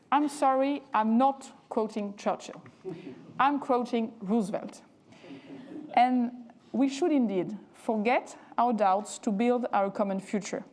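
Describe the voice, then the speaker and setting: French woman minister reading a formal speech, accented english, mellow voice. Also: on the high side. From France. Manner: formal, measured delivery. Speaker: government minister. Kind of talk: prepared speech.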